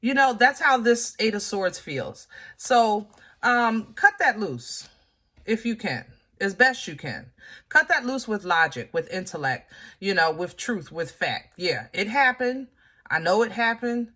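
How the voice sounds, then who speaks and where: A woman talks her viewers through a tarot reading in a relaxed, conversational way. Her voice is bright and forward, and her delivery is animated and full of everyday asides. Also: medium pitch. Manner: animated, chatty, with laughs and colloquial asides. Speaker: tarot reader. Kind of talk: casual tarot reading to camera.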